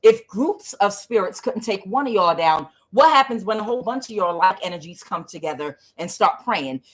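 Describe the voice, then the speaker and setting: A woman doing a tarot reading for her channel viewers, talking casually, swearing now and then and swinging between low mutters and loud excited bursts. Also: moderate pace, few pauses. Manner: swears casually, addresses viewers as guys and y'all. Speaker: tarot reader.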